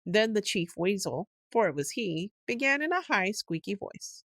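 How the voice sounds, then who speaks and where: A woman giving a slow, unhurried bedtime reading of a storybook, now and then lifting into quick character voices. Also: medium pitch, big pitch swings, fairly bright tone, no room sound. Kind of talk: slow sleep-story narration.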